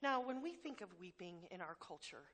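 A woman's voice: medium pitch, sing-song, brisk, fairly bright tone. Woman preacher giving a sermon, frank and emphatic, jokes at her own expense. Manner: candid, self-deprecating humor with emphatic repetitions. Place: church hall before a congregation.

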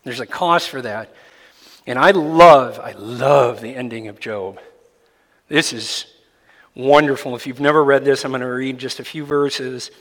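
A man preaching a sermon as a pastor, animated and jokey, sometimes mimicking babble. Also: medium pitch, unhurried. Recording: long reverb of a hall.

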